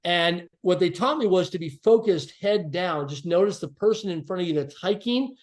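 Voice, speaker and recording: A man with a fairly high voice speaks as a podcast guest. He tells his story earnestly and reflectively, easing off the pace whenever he wants a phrase to land. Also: normal speed.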